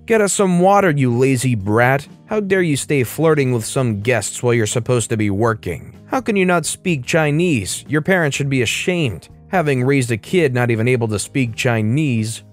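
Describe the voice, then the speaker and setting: A man voicing a rude, yelling male restaurant customer in a retold story, shouting insults. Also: mid-range voice, lively intonation, normal speed, hardly any pauses, faint music behind, natural voice. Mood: angry.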